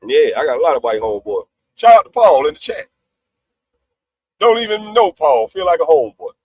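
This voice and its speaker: A man's voice: on the high side, very animated, brisk, a little mellow, slightly rough. A middle-aged man hosting a livestream, ranting boastfully and profanely at his critics. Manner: boastful, profane, trash-talking. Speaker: livestream host. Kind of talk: brash livestream rant.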